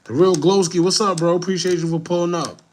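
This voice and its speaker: A man's voice: high voice, steady tone, fast, darkish tone. A young man, reacting to a video for viewers, breathless, laughing and swearing casually. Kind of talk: casual commentary, talking to viewers.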